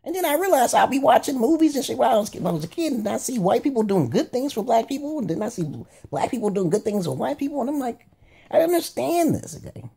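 A man's voice: very high-pitched, expressive, quick pace, creaky, few pauses, mellow, slightly rough. A man talking in a profane, rambling monologue, cursing heavily and breaking into laughing asides. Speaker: vlogger.

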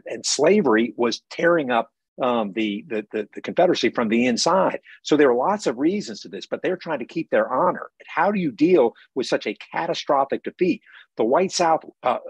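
Author guy on a video call, faded southern accent, husky, dry, keeps restarting. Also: mid-range voice, no room sound. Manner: emphatic, frequent restarts and repeated words. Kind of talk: book festival interview over video call.

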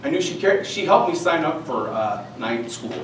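A man's voice: a little high, big pitch swings, normal speed. Earnest man speaking in an echoey room. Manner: earnest and candid, with personal stories. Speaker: presenter at a teacher training session. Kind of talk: professional development talk to teachers. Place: school meeting room. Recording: echoey room from far off, faint noise.

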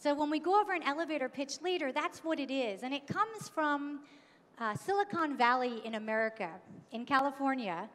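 A woman's voice: high-pitched, animated, a little fast, a bit bright. A woman from New York giving a conference keynote talk, engaging and often putting questions to the audience. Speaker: keynote speaker. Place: conference hall. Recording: long hall reverb.

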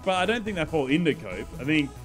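A young man streaming a video game, chatting casually and excitably, swearing and laughing as he plays. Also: a little high, fast talker, faint music behind. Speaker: gaming streamer. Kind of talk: live gameplay commentary.

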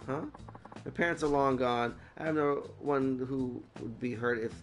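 A man's voice: medium pitch, fairly even intonation, normal speed, faint music behind, close to an everyday voice. A man voicing a cocky teenage girl who runs a shady shop, talking in a sassy, mocking way. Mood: smug.

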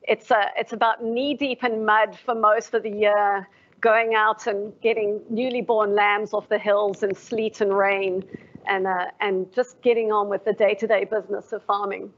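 A woman's voice: medium pitch, little pitch movement, normal speed, a little hiss or hum. A woman professor giving a formal lecture, reflective and asking the audience questions. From South Africa. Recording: dull lo-fi livestream audio.

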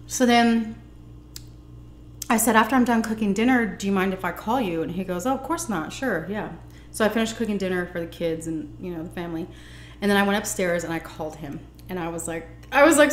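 A woman's voice: medium pitch, roomy sound, slight background noise. A young adult woman chatting animatedly as she tells a personal story and acts out the dialogue. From United States. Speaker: vlogger. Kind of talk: storytelling while eating.

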